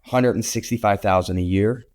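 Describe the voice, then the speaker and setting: A man in his thirties, a guest on an interview show, telling his story in a blunt, animated way and swearing now and then. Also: on the low side, normal speed. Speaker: podcast guest, real estate photographer.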